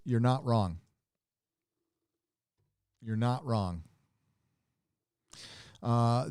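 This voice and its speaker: A man hosting a casual livestream with a medium-pitched voice. He rambles, restarts his sentences and reacts on the fly. The recording is dry and close, with almost no room sound. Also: a little mellow, dry recording. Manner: rambling, restarts often, chuckles and reacts to images. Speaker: show host.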